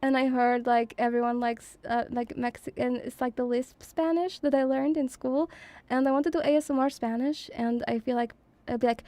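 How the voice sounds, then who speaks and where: A woman's voice: high voice, steady tone, normal speed, warm tone. A woman streaming as a VTuber, chatting casually and reading viewer messages in a flirty, teasing, giggly way.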